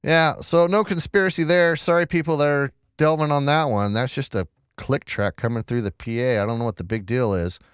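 A man's voice: medium pitch, steady tone, a little fast, hardly any pauses, faint music behind. A man hosting a casual news commentary show, chatty and sarcastic, often restarting words and reading from the screen.

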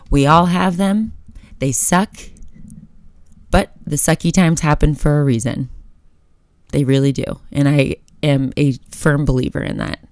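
A woman's voice: sits low, darkish tone, no room sound, studio quality. A young woman hosting a solo podcast, talking candidly and motivationally and swearing freely. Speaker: podcast host. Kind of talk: casual solo podcast talk.

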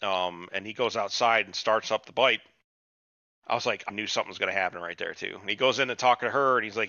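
A man's voice: fast talker, bright, forceful tone, no echo, muffled recording. A man co-hosting a casual podcast, retelling a TV episode in a rambling, profane way and putting on voices for the characters. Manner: rambling, profane, acts out quotes with a jumping pitch. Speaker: podcast co-host.

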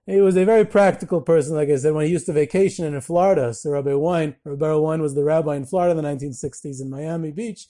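A man giving a storytelling lecture, relating anecdotes and quoting figures with lively emphasis, mixing in Yiddish and Hebrew terms. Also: on the high side, fast talker, few pauses.

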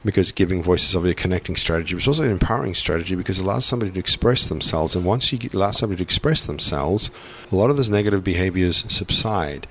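Deep-voiced man explaining earnestly. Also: animated, rapid-fire, few pauses, a bit bright, slight background noise. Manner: earnest, thinks aloud with restarts. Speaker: podcast guest, parent. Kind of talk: reflective conversational explanation.

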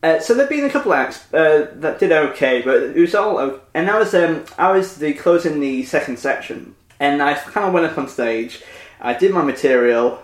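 A man's voice: a little high, animated, normal speed. A man, a stand-up comedian, telling a rambling anecdote in casual chat with many fillers. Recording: roomy echo.

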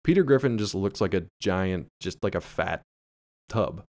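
Low-voiced sardonic man in casual chat. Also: lively intonation, moderate pace, darkish tone. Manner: sardonic, profane, exaggerated complaints. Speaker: podcast co-host.

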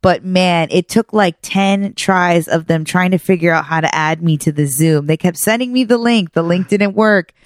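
A woman's voice: lowish voice, normal speed, few pauses, no echo, studio quality. A woman co-hosting a casual podcast, telling family stories with lots of laughter. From Persian family. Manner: laughing often, animated storytelling. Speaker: podcast co-host. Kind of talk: casual chat.

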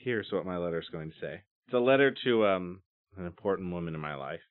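A man playing a tabletop game in character, animated and laughing now and then. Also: sits low, fairly quick. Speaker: player. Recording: tinny phone-like line.

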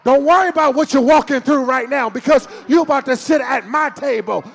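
A man preaching a sermon in a church, chanting lines in a sing-song way, rising to shouts and falling to soft murmurs as he leads the congregation. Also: very high voice, brisk, vocal fry. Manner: sing-song call-and-response preaching, swells to shouts then drops to near murmurs.

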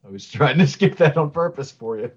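A man's voice: on the high side, lively intonation, fairly quick, breathy edge, lo-fi sound. A man co-hosting a podcast, chatting casually about a horror movie with an easygoing, joking manner. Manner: joking, easygoing, laughs often. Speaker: podcast co-host.

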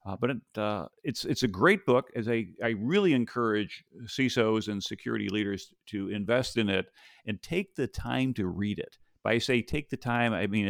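A man's voice: lowish voice, vocal fry, no room sound, clean studio sound. A man hosting a podcast, talking thoughtfully and rambling a little, with fillers and restarts, over a video call from a home office. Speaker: podcast host. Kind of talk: casual conversational discussion.

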